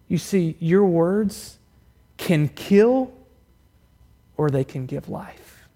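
A man preaching a sermon in a church, firing rhetorical questions at the congregation, swinging between loud, raised emphasis and quiet, low appeals. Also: animated, drawn-out words. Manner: asks the congregation many direct rhetorical questions; rises loud and high for emphasis, drops quiet and low to press a point. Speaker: pastor.

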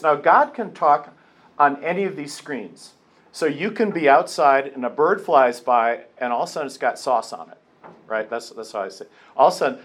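Husky guy running a church group session, loose and chatty, lots of restarts. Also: mid-range voice. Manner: conversational, with many restarts and slow emphasis. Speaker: workshop leader. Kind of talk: leading a church prayer workshop. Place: meeting room with a group.

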